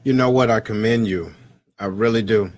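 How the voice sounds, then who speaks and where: A man hosting an interview in a relaxed way, affirming his guest and repeating phrases for emphasis. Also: fairly low pitch, normal speed, no echo, clean studio sound. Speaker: host. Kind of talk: casual interview talk.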